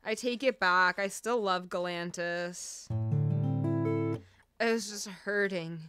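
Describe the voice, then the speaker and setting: A woman streamer and singer with a mid-range voice chats slowly and emotionally between songs on her livestream, heard over loud music. She reads out viewers' comments, laughing often and using many fillers.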